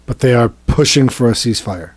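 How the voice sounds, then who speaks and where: A man's voice: medium pitch, brisk. A man co-hosting a satirical podcast, swearing freely and ranting with crude humor. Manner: profane, ranting, crude jokes. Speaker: podcast co-host. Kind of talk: casual satirical chat.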